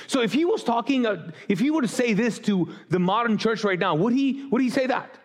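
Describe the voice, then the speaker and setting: A man's voice: sits high, animated, normal speed. A man preaching a sermon as pastor to a live congregation, casual and joking, drawing the audience in to answer him. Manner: casual, joking, talks back and forth with the congregation. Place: church auditorium before a congregation.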